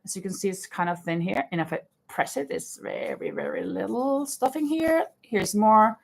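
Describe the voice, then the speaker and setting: A woman's voice: mid-range voice, animated, moderate pace, gravelly. A woman hosting a casual live stream, chatting while she crochets, reading viewer comments aloud and laughing often. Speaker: livestream host. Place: home in Spain.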